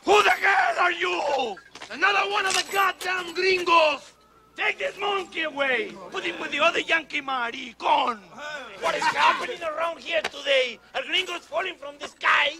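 An actor playing a boisterous, boastful bandit henchman in a comedy film, shouting his lines. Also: very high-pitched, normal speed. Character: blustering male bandit henchman, loud and boastful. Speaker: film character. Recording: film clip with loud crowd and noise.

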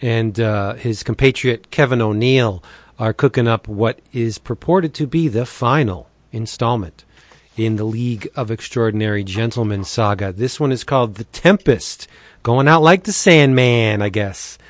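A man hosting a casual comics podcast, reading deals in a playful pitchman manner. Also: moderate pace, no echo. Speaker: podcast host. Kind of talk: casual podcast chat with ad reads.

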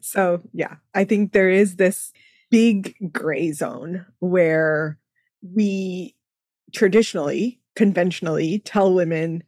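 A woman doctor appearing as a podcast guest, speaking in an animated, chatty way and laughing often. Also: fairly low pitch, slow pace, dry recording, clean studio sound. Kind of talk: casual interview chat.

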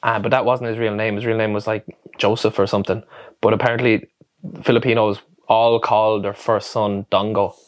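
A man's voice: lowish voice, flat delivery, normal speed. Laughing, swearing man telling stories. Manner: laughs often, swears, tells anecdotes. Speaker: podcast co-host. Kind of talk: casual chat.

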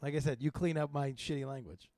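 A man's voice: medium pitch, fairly even intonation, fast talker, dark tone. A man hosting a podcast in casual chat, teasing and crude, often stumbling over his words and restarting, on a close studio mic. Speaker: podcast host. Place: studio room, in person.

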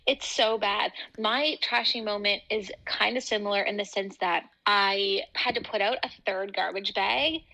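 A woman's voice: mid-range voice, normal speed, creaky, few pauses, pushed and bright, poor audio. A young woman co-hosting a podcast, chatting casually and telling upbeat stories full of "like" fillers. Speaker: podcast co-host. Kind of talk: casual chat.

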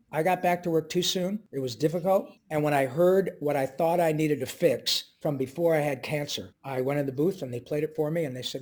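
A middle-aged voice actor, guesting on an interview, tells personal stories with feeling and jumps into quick impressions of the people he quotes. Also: fairly high pitch. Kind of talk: emotional interview storytelling.

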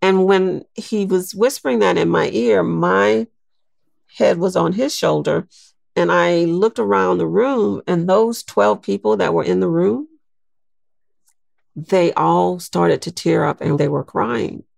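A woman in her sixties, a guest in an interview, telling a personal story in a reflective, unhurried way. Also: lowish voice, vocal fry, dry recording, studio quality. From Louisiana, United States. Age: 60s. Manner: reflective, unhurried, with soft laughs and restarts.

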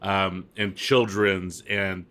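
Bright, crisp-sounding guy cracking jokes in a chat. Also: low voice, level tone, takes it slowly. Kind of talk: casual conversation.

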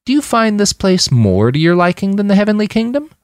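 A man's voice: sits high, sing-song, a little fast, dry recording, studio quality, voice pushed up. Man doing a sing-song menacing fighter. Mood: probing. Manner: falsely sweet, purring and sing-song. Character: wiry male fighter, chipper and menacing.

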